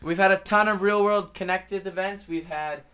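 Brief: man co-host, smooth resonant voice, slightly high, relaxed storytelling. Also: normal speed. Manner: recaps events with easy humor. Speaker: podcast co-host. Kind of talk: casual banter.

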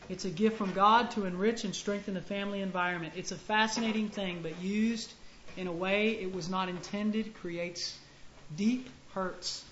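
A man giving a sermon to a room of men, conversational and halting, with frequent restarts and punchy stresses. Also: high voice, a bit bright, slight background noise. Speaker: preacher. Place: room with an audience. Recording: echoey, muffled room recording with faint ambience.

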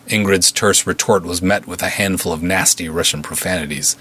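A man reads a pulp action serial aloud, measured and vivid in his delivery. His voice sits very low with a husky, slightly breathy grain. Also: fairly even intonation, sharp tone. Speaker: writer and narrator. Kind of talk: dramatic serial story narration.

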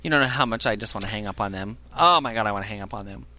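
A man's voice: rapid-fire, pushed and bright, a little hiss or hum. A man hosting a casual podcast, swearing a lot and ranting about callers from his phone job. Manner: profane, ranting, mimics callers in a high voice. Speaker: podcast host; phone service worker. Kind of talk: casual crude chat.

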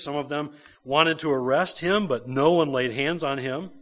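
A man's voice: on the high side, sharp tone. A man, a pastor, preaching a conversational sermon to a church congregation.

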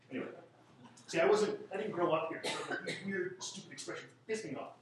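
A man's voice: high-pitched, fairly quick, a bit bright, a little hiss or hum. A man from Canada giving a classroom statistics lecture, rambling and joking with sarcastic asides. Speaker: statistics teacher. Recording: echoey room from a distant mic.

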